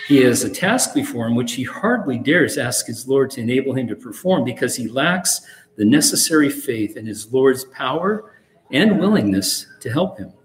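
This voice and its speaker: Male pastor, mid-pitched, earnest emphatic sermon delivery, reverberant church hall, faint ambience. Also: slight background noise. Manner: earnest, emphatic preaching with read-aloud passages. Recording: echoey hall with long reverb.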